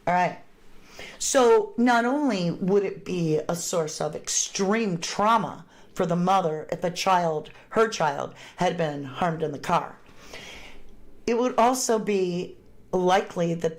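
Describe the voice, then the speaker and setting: A middle-aged woman giving a conversational, emphatic run of speculative true crime commentary as the show's host. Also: fairly low pitch.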